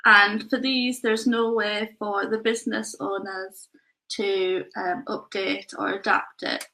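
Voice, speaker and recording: A woman's voice: mid-range voice, flat delivery, slow, creaky, bright, forceful tone, slight background noise, rough recording. A woman with a North Yorkshire accent, slightly tinged with Scottish, co-hosting a casual chat and explaining things. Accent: North Yorkshire with a little Scottish. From North Yorkshire, England. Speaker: co-host.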